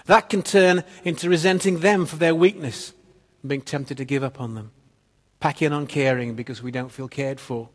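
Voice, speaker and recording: A man delivers a sermon in a slightly higher voice, telling small stories and letting his phrases sink to a hush at their ends. His voice rings in a church hall with a long reverb tail. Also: normal speed. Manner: storytelling, trailing off to quiet ends of phrases. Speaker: preacher.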